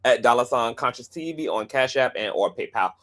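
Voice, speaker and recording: Chatty, animated male livestream host. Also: mid-range voice. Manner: chatty, animated, with playful asides and rapid plugs. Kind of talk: casual livestream commentary.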